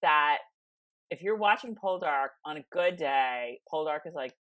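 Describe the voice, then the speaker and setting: A woman co-hosting a podcast chats in an excitable, dramatic way. Her pitch swings widely as she talks. She laughs a lot between her remarks. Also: a little slow. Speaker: podcast co-host. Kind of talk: casual chat.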